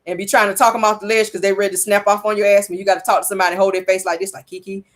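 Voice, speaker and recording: A woman recapping a reality show episode in a sassy, animated, gossipy way. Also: mid-range voice, rapid-fire. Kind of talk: casual recap commentary.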